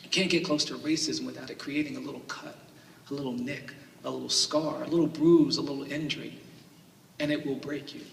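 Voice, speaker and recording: A man's voice: medium pitch, fairly even intonation, brisk, creaky. A man giving an earnest storytelling speech as a lawyer at a summit. He repeats phrases and builds them into emphatic cadences. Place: large hall at a summit. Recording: echoey hall from a distant mic.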